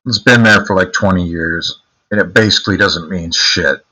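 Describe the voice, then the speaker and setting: A man's voice: low-pitched, moderate pace, bright, forceful tone, breathy edge, poor audio. A man streaming live, chatting casually with his viewers in a crude, joking, mocking way.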